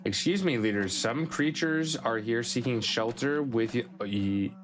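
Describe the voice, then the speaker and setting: A man streaming a game live, reacting excitably and muttering the same phrases over and over as things go wrong. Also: unhurried, background noise. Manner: excitable, yelps up high when things go wrong; repeats phrases, mutters to himself. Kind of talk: live gameplay commentary.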